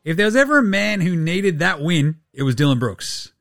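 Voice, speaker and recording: A man's voice: fairly high pitch, normal speed, dry recording, clean studio sound. An Australian man hosting a casual sports podcast, rambling, swearing freely and laughing at his own jokes. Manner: animated, profane, rambling. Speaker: podcast host.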